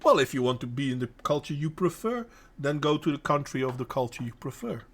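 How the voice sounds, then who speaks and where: A man's voice: medium pitch, animated, brisk, slight background noise. A middle-aged Dutch man with a Dutch accent who hosts a casual talk and answers viewers by name. He speaks bluntly and with emphasis, and sometimes stops to search for a word. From Netherlands. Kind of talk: casual opinionated monologue.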